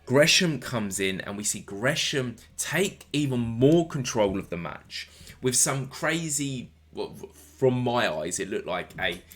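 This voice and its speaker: A man giving a casual solo wrestling show review, energetic and repetitive, talking straight to his viewers. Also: lowish voice.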